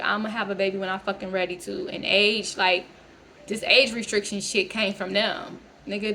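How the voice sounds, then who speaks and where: A woman's voice: mid-range voice, bright, forceful tone, a little hiss or hum. A woman in her thirties ranting bluntly to camera in a vlog, heated and full of profanity. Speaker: vlogger. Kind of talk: casual rant to camera.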